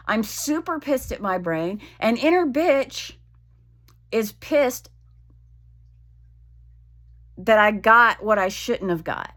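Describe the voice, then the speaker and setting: Woman, vlogger, slow unhurried delivery, candid and profane confessional venting. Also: medium pitch, expressive, fairly bright tone. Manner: frank and profane, venting with halting restarts. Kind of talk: personal confessional vlog.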